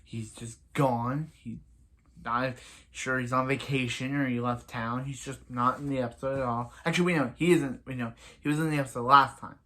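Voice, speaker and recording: A man casually recapping a TV episode, rambling with lots of restarts and acting out characters' lines in quick asides. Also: mid-range voice, fairly even intonation, fairly bright tone. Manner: rambling, full of restarts and "so yeah". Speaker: TV episode reviewer.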